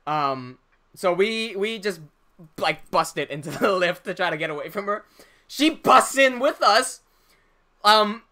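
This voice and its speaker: A young man hosting a livestream, casually telling an animated story, laughing often and swearing freely. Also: high voice. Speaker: livestream host.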